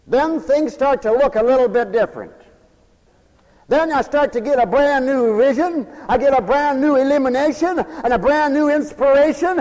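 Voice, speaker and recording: A man delivers a folksy radio sermon, mixing quips with exhortation. His voice sits very high and swoops widely in pitch, and a long reverb trails behind his words. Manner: folksy, animated preaching with quips. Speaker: preacher.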